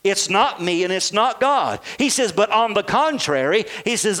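A man's voice: high-pitched, animated, normal speed, hardly any pauses, a bit bright. A man preaching a sermon as pastor, asking his congregation questions and calling for amens.

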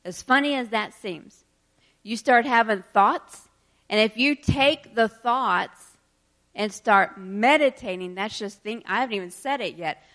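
Scripture verses come slowly and emphatically from this woman preaching a sermon, followed by faster explanatory asides and laughter between points. She speaks on the high side with a fairly bright tone.

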